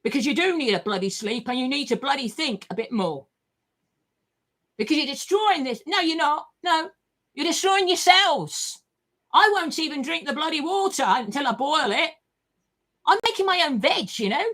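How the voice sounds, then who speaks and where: This older vlogger addresses the camera in an expressive, high, fairly bright voice that swoops wildly as she rambles with force. Speaking at normal speed, she curses freely and keeps repeating herself.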